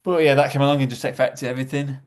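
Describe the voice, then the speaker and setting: A middle-aged man, a podcast guest talking casually, often halting and repeating words. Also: medium pitch, fairly even intonation, darkish tone. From England. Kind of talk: casual chat.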